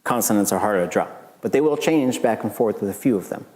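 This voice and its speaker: A man giving a casual lecture as a language professor, relaxed and chatty, with joking asides and lively jumps in pitch. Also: fast talker. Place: lecture hall. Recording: long reverb of a lecture hall.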